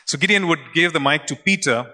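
A man preaching a sermon, retelling scripture stories in an animated, conversational way. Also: fairly high pitch, fairly quick. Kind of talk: sermon storytelling.

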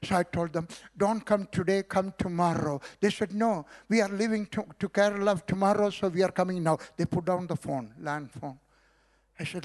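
A man's voice: high voice, moderate pace, a little mellow. An older man preaching a sermon in English with an Indian accent, telling a testimony in rhythmic, repeated lines punctuated by hallelujahs.

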